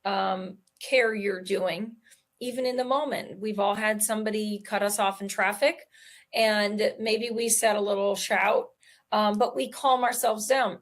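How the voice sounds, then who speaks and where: A woman, a guest author on a podcast, explaining parenting advice in an earnest way and slowing down to stress key words. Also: mid-range voice, fairly even intonation. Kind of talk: conversational interview.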